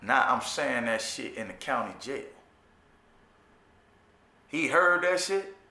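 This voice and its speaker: Bright-voiced man telling a street story. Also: medium pitch, slow, creaky, a little hiss or hum. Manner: profane street slang, frequent "you know what I'm saying"; animated retelling with restarts and repetitions. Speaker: storyteller recounting his jail time. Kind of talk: casual spoken storytelling monologue. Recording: echoey room.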